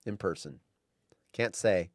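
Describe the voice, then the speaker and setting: A man's voice: sits low, takes it slowly, no echo, clean studio sound. A man hosting a podcast in casual chat, teasing his co-host with jokey banter.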